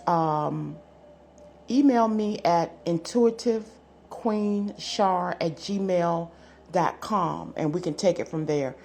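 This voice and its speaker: A woman with a somewhat low voice gives a casual general tarot reading to her viewers. She talks in a chatty, self-assured way and repeats her phrases. A faint hum of room noise sits behind her. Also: slow pace, vocal fry, a little mellow. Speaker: tarot card reader.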